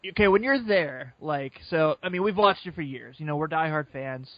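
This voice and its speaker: A man co-hosting a casual sports podcast, telling an excited story and quoting people as he goes. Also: a little high, moderate pace, no room sound. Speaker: podcast co-host. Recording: muffled lo-fi sound.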